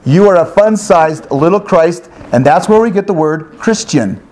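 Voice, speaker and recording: A man teaching the Bible one-on-one in an animated way, with exclamations, rhetorical questions and repeated phrases. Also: high-pitched, moderate pace. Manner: animated, with exclamations and sound effects.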